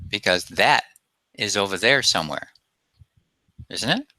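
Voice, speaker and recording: A man coaching through a self-help webinar, pressing his points home and asking the listener rhetorical questions. His voice sits fairly low, with a sharply bright, forceful edge. It is recorded close and completely dry. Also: expressive, a little slow, no echo. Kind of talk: webinar presentation.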